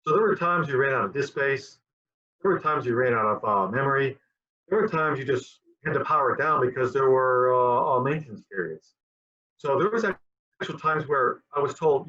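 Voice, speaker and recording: A man's voice: medium pitch, bright, forceful tone. A man being interviewed as a guest who rambles and often repeats his words. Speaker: guest, QA director. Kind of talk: conversational interview. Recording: dull lo-fi sound.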